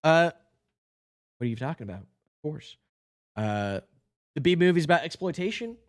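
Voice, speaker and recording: A hoarse man talking casually to a live-stream audience in rambling, self-deprecating asides. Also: fairly high pitch, expressive, normal speed.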